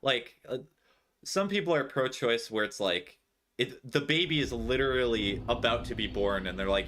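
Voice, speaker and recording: A man's voice: medium pitch, animated, a little fast, pushed and bright, slight background noise. A man streaming a game, chatting casually with viewers in a joking, sarcastic way. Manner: joking, sarcastic, laughs often. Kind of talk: casual live-stream chat while gaming.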